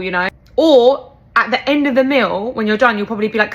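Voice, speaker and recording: A British woman chatting to camera in a casual monologue. She compares habits with amused exasperation, chatty and quick to tease. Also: fairly high pitch. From United Kingdom.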